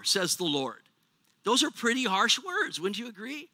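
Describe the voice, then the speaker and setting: A man's voice: high voice, big pitch swings, a little slow, pushed and bright, no echo. A man with an American accent preaching a sermon to his church, joking with the congregation and asking them questions. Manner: jokey, asks the crowd questions. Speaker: pastor.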